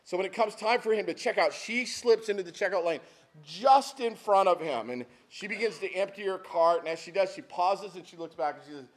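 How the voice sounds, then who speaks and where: A middle-aged male pastor delivers his sermon in a relaxed, storytelling way. His voice sits a little on the high side for a man, and he keeps turning to the congregation with easy asides. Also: a little fast. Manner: conversational, folksy, with asides to the congregation.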